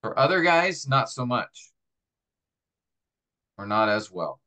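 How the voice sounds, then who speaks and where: Taking it slowly, a middle-aged man with a medium-pitched, sharp voice and big pitch swings teaches a class on preaching. He stays thoughtful and conversational while demonstrating delivery through acted examples.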